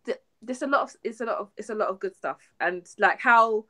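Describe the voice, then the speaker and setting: A young woman co-hosting a geek podcast, chatting excitedly and laughing often. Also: on the high side, fairly quick. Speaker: podcast co-host. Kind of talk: casual geek chat.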